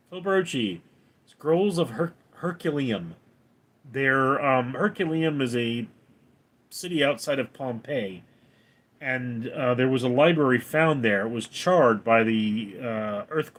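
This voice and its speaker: A man hosting a livestream, reading viewer comments aloud and answering them in a deadpan, offhand way. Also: medium pitch. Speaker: livestream host reading chat. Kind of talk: casual livestream chat.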